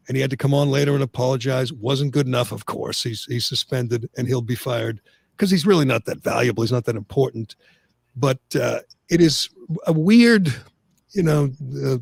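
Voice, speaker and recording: A man's voice: mid-range voice, gravelly, dry recording, studio quality. A man hosting an opinionated sports talk radio show, ranting with lots of restarts. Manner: animated ranting, frequent restarts.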